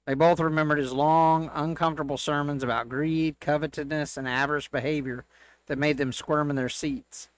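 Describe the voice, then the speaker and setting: A man reading church jokes aloud as a co-host, in a steady storytelling delivery. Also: fairly high pitch, moderate pace.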